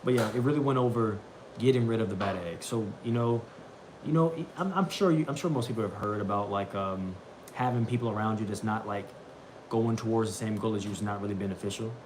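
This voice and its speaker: A man's voice: lowish voice, brisk, noisy background. A young man hosting a casual livestream, rambling and repeating himself, often saying bro as he talks about a daily Bible reading.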